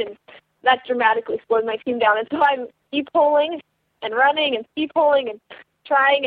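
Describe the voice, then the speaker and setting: A teenage girl racing sled dogs, telling her story in an animated way with lots of "like" and quoted thoughts. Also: high voice, no room sound. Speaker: dog sled racer, interview guest. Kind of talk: storytelling over the phone. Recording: tinny phone line.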